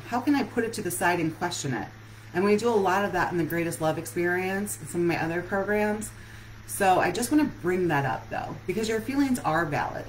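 A woman's voice: lowish voice, slight background noise, poor audio. A woman relationship coach giving an earnest live-streamed talk that puts many questions straight to her listeners.

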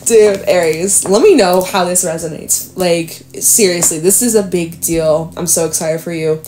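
Excitable woman giving a tarot reading. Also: on the low side, moderate pace, slight background noise. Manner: excited, emphatic, slangy and reassuring. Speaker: tarot reader. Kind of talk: casual tarot reading to camera.

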